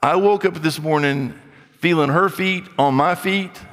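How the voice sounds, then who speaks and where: A middle-aged man preaching a sermon as pastor, blunt and scolding, with animated delivery. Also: a little high, a little slow. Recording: long hall reverb.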